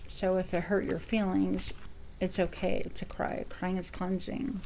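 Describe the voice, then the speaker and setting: A woman's voice: on the low side, flat delivery, unhurried, dark tone, a little hiss or hum, poor audio. A woman giving a spiritual card reading to her viewers, reflective and searching for words as she goes. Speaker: tarot reader.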